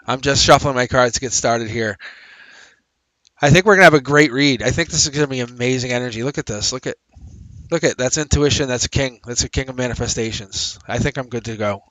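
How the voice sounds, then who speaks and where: A man's voice: mid-range voice, fairly quick, fairly bright tone, no echo, low-quality recording. Chatty man hosting a live tarot stream. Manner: upbeat, chatty, repeats phrases, laughs often. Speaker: tarot reader and livestream host. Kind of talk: casual livestream tarot reading.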